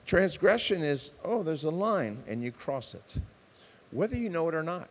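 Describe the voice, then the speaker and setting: Impassioned preacher in an echoing church. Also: male voice, a little high, very animated, moderate pace. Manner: impassioned, swings from loud emphatic outbursts to soft earnest tones. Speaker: pastor. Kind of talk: sermon. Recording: reverberant hall.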